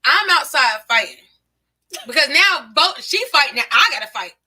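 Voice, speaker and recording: A middle-aged woman tells family stories as a podcast guest. Her voice sits high and rings brightly. She is animated, laughs often and acts out what people said. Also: normal speed. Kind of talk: casual family storytelling.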